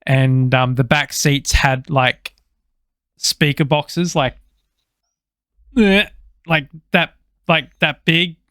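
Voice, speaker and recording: A man co-hosting a podcast, chatting loosely with lots of fillers and the odd swear word. His voice is smooth and clear, recorded dry and close. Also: on the high side, extremely slow, pauses often, no room sound. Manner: relaxed, swears freely, rambling with fillers. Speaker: podcast co-host. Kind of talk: casual chat.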